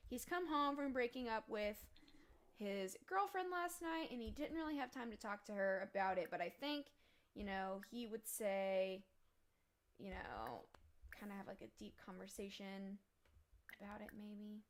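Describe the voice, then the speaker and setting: A woman's voice: mid-range voice, lively intonation, a little slow. A woman hosting a let's play, giving rambling gameplay commentary full of fillers.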